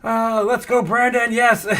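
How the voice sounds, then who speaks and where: A man with a notably high voice hosts a livestream, talking casually and excitedly. He laughs a lot, reads chat messages out loud and hops from one topic to another.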